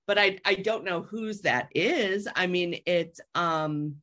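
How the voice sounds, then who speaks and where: A woman's voice: fairly low pitch, slow, a bit bright. A woman on a coaching video call, searching for words with hesitations and restarts, speaking earnestly.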